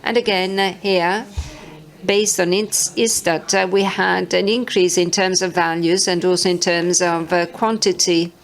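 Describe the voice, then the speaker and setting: A woman interpreting a conference talk, halting and hesitant, with many filler sounds between words. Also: on the low side, steady tone.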